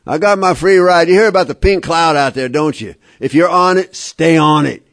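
A man's voice: on the high side, normal speed, few pauses. A man giving a personal recovery talk to a live group, telling his story in an emphatic, repetitive and wry way. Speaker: speaker at a recovery meeting.

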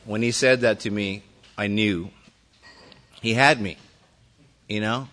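A man's voice: lowish voice, steady tone, slow, fairly bright tone. A man speaking at a recovery meeting, telling his own story to the group in a loose, rambling way with many fillers and restarts and some mild swearing.

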